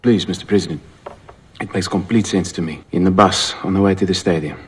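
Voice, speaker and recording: A man's voice: low-pitched, a little fast, slight background noise, natural voice. An actor in a film playing an earnest, firm man with an Afrikaans accent.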